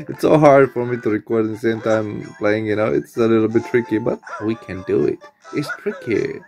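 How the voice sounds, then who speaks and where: A man with a gravelly edge hosts his channel. He talks through gameplay in a loose, rambling way, with many fillers and frequent laughs. Soft game music runs underneath. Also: mid-range voice, measured pace. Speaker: channel host. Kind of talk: casual gameplay commentary.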